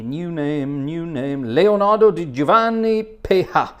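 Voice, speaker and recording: A man's voice: on the high side, unhurried, clean tone. A man hosting a live stream, reading out viewers' names one by one and greeting them, humming little filler tunes between names. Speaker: livestream host and organist.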